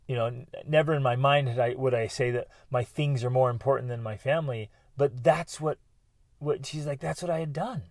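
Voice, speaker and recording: A middle-aged man hosting a motivational podcast, talking earnestly and breaking into bursts of excitement. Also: medium pitch, a little fast, no room sound. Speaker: podcast host.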